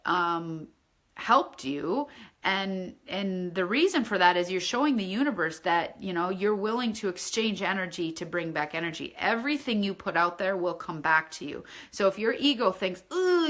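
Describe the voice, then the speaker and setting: A woman's voice: on the low side, pushed and bright. A woman leading a spiritual course, talking earnestly and conversationally and often checking in with her listeners. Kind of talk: casual spiritual teaching.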